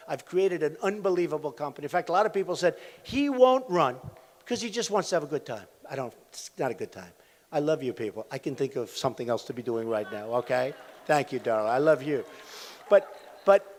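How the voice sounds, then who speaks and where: A man's voice: fairly high pitch, darkish tone. A man in his sixties giving a campaign rally speech, rambling through repetitive stories with asides to the crowd, at a podium microphone. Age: 60s. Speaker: presidential candidate at a campaign rally. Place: large rally venue. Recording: echoey hall sound from a rally venue.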